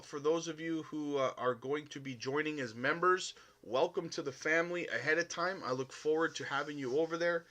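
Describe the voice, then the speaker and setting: A man's voice: mid-range voice, pushed and bright. A Canadian man hosting a casual crypto live stream, answering chat in a chummy, upbeat way with many fillers.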